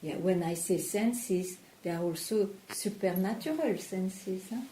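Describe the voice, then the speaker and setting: A woman spiritual teacher in a satsang dialogue, talking slowly and probing with questions. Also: mid-range voice, warm tone. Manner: slow, probing, questions the listener. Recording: echoey room with faint noise.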